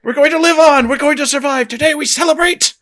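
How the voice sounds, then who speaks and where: A man's voice: extremely high pitch, quick pace, a crowd in the background, voice pushed up. A man playing a male leader broadcasting a grand rousing speech, breaking into laughs now and then.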